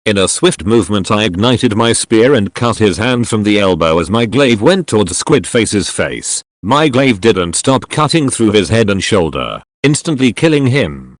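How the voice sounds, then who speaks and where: A man reads a first-person audiobook with a low voice that rises and falls a lot, animated and dramatic in his storytelling. He is recorded dry and close on a studio mic, with no room sound at all. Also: moderate pace, few pauses, no room sound. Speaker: audiobook narrator.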